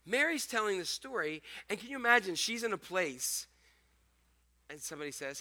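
A male pastor preaches with a very bright, forceful voice that swoops high and low. He jokes with the congregation and acts out little scenes as he goes. His voice sits fairly high for a man. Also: fairly quick. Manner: animated, joking, acts out scenes. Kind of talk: sermon.

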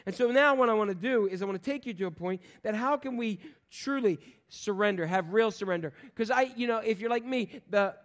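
A man preaching a sermon, animated and playful, acting out voices in the stories he tells. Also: high voice, brisk, hardly any pauses. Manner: animated, acts out voices in quotes, jokes with the congregation. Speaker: pastor.

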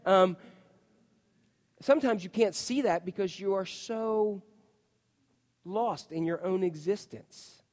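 A male pastor delivers a conversational, animated sermon, full of asides and casual "you know"s. His voice sits somewhat high for a man, and it rings out with a long reverb through the church hall. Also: slow pace, pauses often.

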